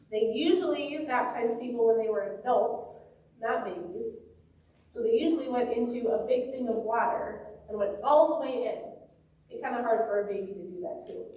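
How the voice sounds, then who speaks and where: A woman pastor leading a children's sermon in a church, gently asking the children questions. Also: a little high, moderate pace, slight background noise. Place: church sanctuary. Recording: very echoey church, mic far off.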